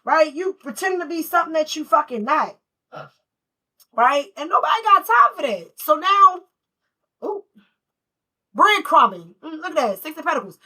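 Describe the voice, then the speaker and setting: Woman tarot reader, bright and forceful, fighting a cold, profane streetwise storyteller. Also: high-pitched, big pitch swings, moderate pace, pauses often. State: has a cold. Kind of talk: casual collective tarot reading.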